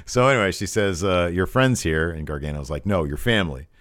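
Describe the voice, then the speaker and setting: A man co-hosting a casual recap show, chatting and breaking into high excited voices when quoting people. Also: a little fast, no echo. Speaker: podcast co-host.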